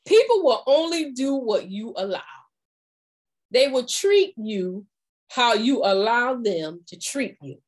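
A woman giving a faith-based motivational talk as a confidence coach, acting out little dialogues in an animated way. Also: a little high, takes it slowly.

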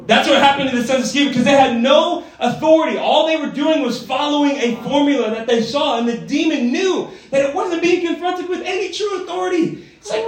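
High-voiced preacher in an echoing hall. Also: male voice, brisk, hardly any pauses. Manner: energetic, conversational, tag questions. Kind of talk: sermon. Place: church gathering hall. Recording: echoey hall from far off.

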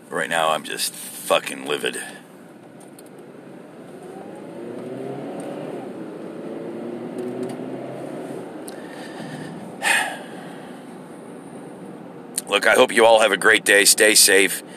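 Furious cursing man ranting, gravelly voice. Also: fairly low pitch, bright, forceful tone, a little hiss or hum. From United States. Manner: profane, heated ranting. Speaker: vlogger. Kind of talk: angry ranting monologue.

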